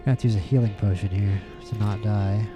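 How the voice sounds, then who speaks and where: A man's voice: on the low side, fairly even intonation, fast talker, highs cut off, loud music behind the voice. A man giving casual, rambling gameplay commentary as a streamer, playful and prone to repeating words in bursts. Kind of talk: casual let's-play commentary.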